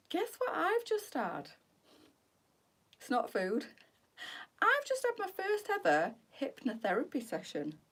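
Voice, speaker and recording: A bubbly, chatty middle-aged woman hosts a casual live stream. She talks with easy warmth and breaks into laughter often. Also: mid-range voice. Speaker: boutique live-stream host.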